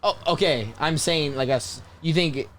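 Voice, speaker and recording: A man's voice: on the high side, unhurried, fairly bright tone. A man in his twenties co-hosting a casual podcast, teasing the guest and laughing often. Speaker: podcast co-host.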